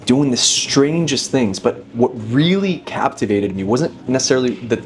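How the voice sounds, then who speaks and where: A man's voice: medium pitch, animated, moderate pace, a little hiss or hum. A man in his thirties, a magician, talking reflectively as an interview guest, with frequent restarts. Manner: thoughtful, many restarts, leans on 'inevitably'. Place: dinner table.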